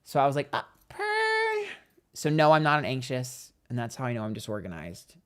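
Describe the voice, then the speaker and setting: A man's voice: mid-range voice, expressive, quick pace, a bit bright, smooth. A man hosting a live stream, telling a gossipy story in casual chat, acting out what others said and thanking viewers for donations. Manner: chatty and gossipy, acts out quotes, reads donations aloud. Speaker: psychic tarot livestream host.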